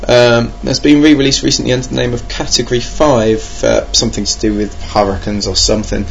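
A man's voice: mid-range voice, little pitch movement, a little fast, gravelly, slight background noise. A young man hosting a board game podcast alone at his computer, rambling and self-mocking with many ums. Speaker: podcast host. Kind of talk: casual podcast monologue. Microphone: home computer mic.

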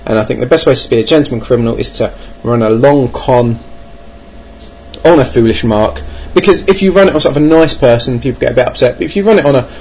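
Wry and self-deprecating, a board game vlogger from England rambles about what he plans to play, stumbling through lots of ums. He has a darkish, mid-range voice, caught on a dull lo-fi recording with faint background noise.

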